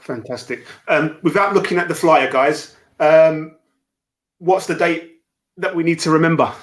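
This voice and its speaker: A man's voice: fairly high pitch, a little slow. A man hosting a casual interview, chatty and rambling, with many fillers. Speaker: podcast host.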